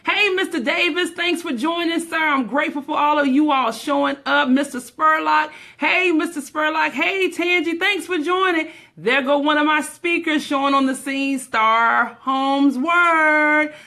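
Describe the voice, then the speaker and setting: A woman hosting a live stream, greeting viewers by name in an energetic, hyped-up way. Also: high-pitched, a little slow, few pauses. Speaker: host of a live-streamed motivational show. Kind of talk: live-stream hype talk.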